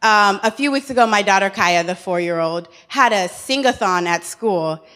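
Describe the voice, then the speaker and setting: A woman's voice: medium pitch, normal speed, bright, forceful tone. A woman in her thirties, a conference speaker telling personal stories in an earnest, humorous way, with some repeated words. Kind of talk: personal keynote speech.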